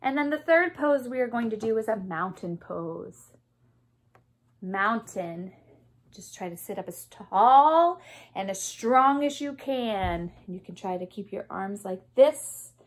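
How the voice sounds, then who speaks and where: A woman music therapist leading a remote session for children, gently encouraging them through poses and songs. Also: medium pitch, animated, unhurried. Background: guitar music.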